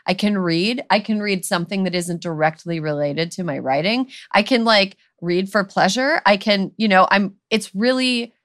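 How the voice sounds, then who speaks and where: A woman's voice: medium pitch, normal speed, hardly any pauses, dry recording, studio quality. A woman co-hosting a podcast, talking in a loose, rambling way with lots of "like" and "you know". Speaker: podcast co-host. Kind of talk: casual conversational chat.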